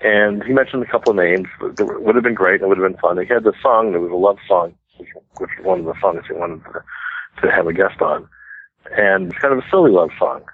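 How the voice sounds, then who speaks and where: American guest in his 60s, deep husky voice, dry phone-line sound, rambling anecdotes. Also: brisk. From United States. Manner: chatty, self-deprecating, laughs easily. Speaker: guest musician. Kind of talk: casual storytelling interview.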